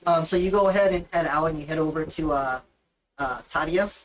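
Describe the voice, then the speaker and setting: A woman's voice: deep voice, a little fast, slight background noise, poor audio. A woman narrating a tabletop game as game master in a casual, rambling way. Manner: casual, rambling, with many fillers.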